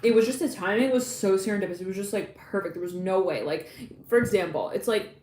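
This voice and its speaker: A woman giving a live tarot reading in a chatty, excitable way, laughing often and acting out little quoted lines. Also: medium pitch, fast, reverberant, slight background noise. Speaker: tarot reader.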